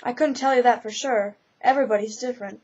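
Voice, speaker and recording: A woman voicing an older, brisk, matter-of-fact spirit who guides a newcomer, read in a storybook manner, on a slightly dull lo-fi recording. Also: a little high, fairly even intonation, a little mellow, close to an everyday voice.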